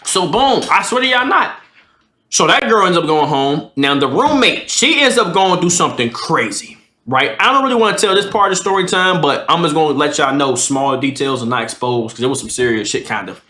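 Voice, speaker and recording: A man's voice: a little high, expressive, fairly quick, pushed and bright, echoey room. A man streamer telling a casual storytime in a slangy, profane way, acting out the people in his story.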